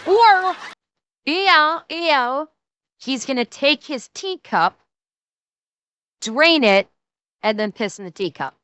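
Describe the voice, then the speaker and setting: A woman's voice: sits high, expressive, takes it slowly, long pauses, bright, forceful tone, slight background noise. A woman streamer reacting to a video on a live stream, joking, swearing freely and laughing often. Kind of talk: casual live-stream commentary.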